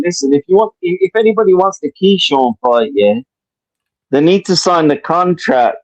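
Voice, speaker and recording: A man in his fifties from the UK with a Birmingham accent, calling into a live stream and talking fast and animated, swearing freely and repeating "listen, bro". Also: on the high side, rough recording. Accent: Birmingham English. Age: 50s. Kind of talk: casual chat.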